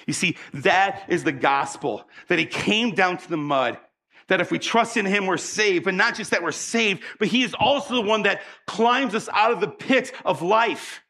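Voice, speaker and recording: A pastor delivers a sermon as an animated storyteller, voicing the characters in his stories and pulling the audience in. His voice sits high and he speaks at a normal speed.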